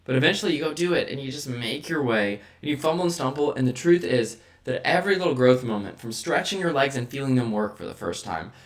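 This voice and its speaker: A man's voice: mid-range voice, lively intonation, fast, hardly any pauses. A man hosting a vlog, talking through a motivational monologue and checking in with the listener by asking "right?" again and again. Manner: rhetorical, checks in with frequent "right?" tags. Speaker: vlog host.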